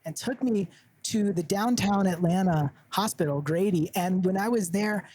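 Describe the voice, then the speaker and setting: A man's voice: high voice, normal speed, a little mellow. A man co-hosting a podcast, telling a story in a casual, self-deprecating way and laughing through it. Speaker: podcast co-host.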